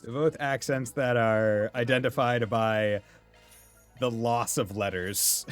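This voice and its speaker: Streaming a game, this Massachusetts man chats and rambles in his regional accent, frequently breaking into laughter. His mid-range voice stays fairly even in intonation and moves slowly, with faint music playing behind him.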